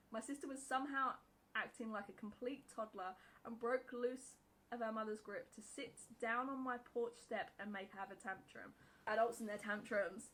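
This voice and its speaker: Bright-voiced woman reacting with blunt swearing. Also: on the high side, low-quality recording. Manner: blunt, swears freely, breaks into laughter. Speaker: YouTube reaction creator. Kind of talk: reading aloud and reacting to a Reddit post.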